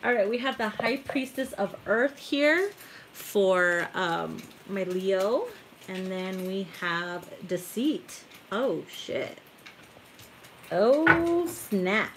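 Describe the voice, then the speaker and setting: A woman's voice: mid-range voice, expressive, very slow. Chatty woman tarot reader, giggly, swears freely, slight background hiss. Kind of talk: casual live tarot reading. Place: home tarot room.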